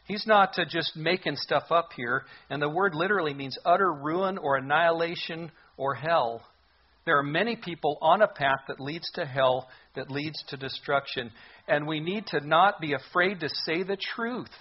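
Pastor, male, husky voice, earnest emphatic sermon, muffled lo-fi recording. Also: a little high, moderate pace. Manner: earnest, emphatic preaching with repetitions.

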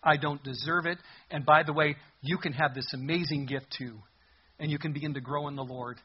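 Preaching a bit quickly, a male pastor acts out the voices in the passage with lively animation. His voice is husky and somewhat high. The recording sounds a little dull and muffled.

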